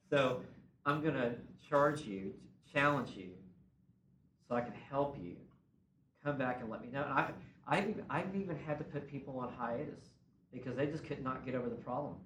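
A man's voice: medium pitch, normal speed, fairly bright tone. A man presenting a conference workshop in a casual, conversational way, acting out sample conversations. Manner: conversational, acts out sample dialogues. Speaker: workshop presenter on worship ministry. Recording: roomy and distant, faint room noise.

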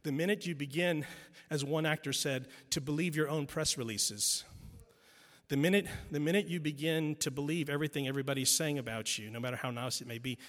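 A man's voice: a little high, brisk, fairly bright tone. A male preacher giving an emphatic sermon, driving points home by repetition and adding wry asides. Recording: long reverb in a large hall.

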